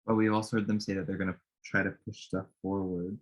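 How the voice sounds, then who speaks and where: Husky low-voiced man playing a tabletop game. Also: flat delivery, fast, muffled recording. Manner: hesitant, stumbling questions. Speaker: player. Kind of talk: casual tabletop play.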